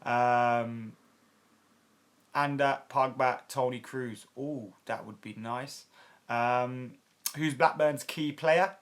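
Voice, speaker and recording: A man's voice: mid-range voice, fairly even intonation, takes it slowly. A man in his late twenties hosting a football fan channel, casually answering viewer comments in a chatty, blunt way with lots of fillers and some swearing. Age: 20s.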